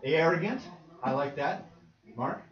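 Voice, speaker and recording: Teaching an interactive Bible class, a man with a fairly high voice preaches a little slowly in a conversational style, putting questions to the group and laughing often. The recording is roomy, distant, and muffled.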